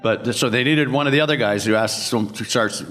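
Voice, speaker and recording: An older man, a voice actor appearing on a convention panel, tells meandering anecdotes and performs other people's lines. His voice is mid-range, brisk, and somewhat bright. The recording carries the long echo of a convention hall.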